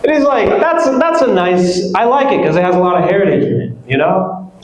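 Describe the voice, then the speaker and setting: A young man from West Africa doing a stand-up comedy set, animated and acting out voices, laughing at his own jokes. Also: high-pitched, a little fast. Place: comedy club stage. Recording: roomy club sound.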